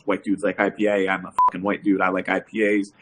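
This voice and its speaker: A man co-hosting a casual bar-talk show, trading wry jokes and deadpan quips. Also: low-pitched, quick pace, slight background noise. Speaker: co-host.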